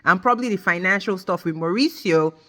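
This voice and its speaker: A woman's voice: fairly low pitch, brisk. A woman giving a ranting recap of a reality show, emphatic and blunt, swearing freely and talking straight to her viewers. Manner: emphatic, animated, addresses viewers directly. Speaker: reality TV reviewer.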